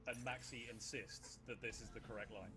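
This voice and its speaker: A man's voice: on the low side, fairly even intonation, fairly quick, a crowd in the background. A man doing live commentary on a card game, analytical and chatty, joking with the viewers. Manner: analytical, chatty, jokes with chat. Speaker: esports caster. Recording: broadcast with loud music behind.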